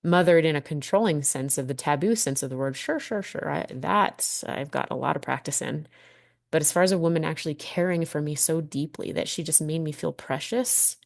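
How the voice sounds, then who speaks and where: A woman's voice: low-pitched, a little fast, gravelly, dry recording, clean studio sound. A woman in her thirties hosting a personal podcast monologue, candid and heartfelt, swearing freely as she reflects. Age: 30s. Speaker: podcast host.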